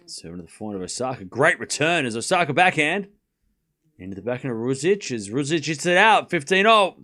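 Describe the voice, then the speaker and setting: A man hosting a live tennis watchalong stream, calling points in quick bursts and chatting with viewers, often stumbling over player names. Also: medium pitch, big pitch swings, pushed and bright. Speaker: livestream tennis watchalong host. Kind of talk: live play-by-play commentary mixed with casual chat.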